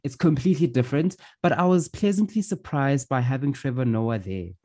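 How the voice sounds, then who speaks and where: A man from South Africa chats about a movie in a loose, rambling way, with plenty of "um" and "like" along the way. His voice is mellow and dark in tone, at an ordinary middle pitch. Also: fairly quick. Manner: conversational, rambling, frequent fillers. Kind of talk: casual chat, movie review.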